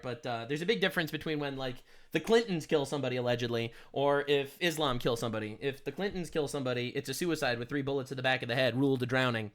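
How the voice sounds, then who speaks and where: Loud sarcastic streamer man. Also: on the high side. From United States. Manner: loud, sarcastic, emphatic interjections. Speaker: streamer reacting to a political video. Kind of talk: reaction commentary.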